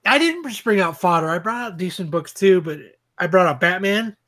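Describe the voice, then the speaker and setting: A man with a fairly high voice co-hosts a casual podcast. He swears freely as he rambles through a story. It is loose, unscripted talk. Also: animated, a little fast, fairly bright tone. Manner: swears freely while telling stories. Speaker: podcast co-host. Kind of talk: casual chat.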